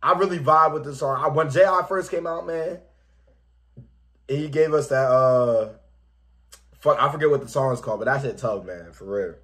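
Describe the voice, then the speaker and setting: A man runs a reaction channel and chats easily over a music video, using "man" and "bro" constantly and rapping with the track. His voice is medium-pitched and a bit bright, at a moderate pace with frequent pauses.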